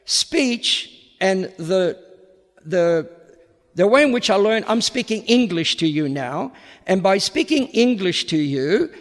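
A priest with a high voice and an Australian accent tinged faintly American gives an unhurried, animated public lecture. He often repeats a word while reaching for the next, and his voice rings with a hall's long reverb.

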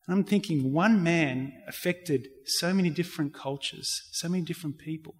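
A man's voice: on the high side, normal speed. A man, speaking as an interview guest and telling an earnest personal faith story, with frequent restarts. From Australia. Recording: reverberant hall sound.

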